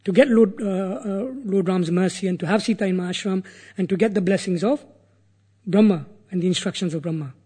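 A man's voice: high voice, fairly quick, dark tone, slightly rough. A man voicing a former hunter turned sage who earnestly questions himself aloud, in a retold sacred story. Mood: wondering.

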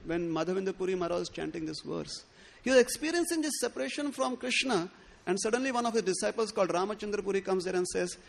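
High-voiced man giving an expressive sermon. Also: vocal fry. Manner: expressive, acts out quoted lines with rising pitch and stammered restarts. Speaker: speaker giving a scriptural discourse.

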